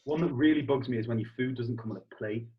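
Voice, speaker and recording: Husky young British man, lo-fi. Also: medium pitch, fast talker. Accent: British English. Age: young adult. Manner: chatty, swears casually, animated storytelling. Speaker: guest. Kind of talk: casual chat. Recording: husky voice, dull lo-fi sound.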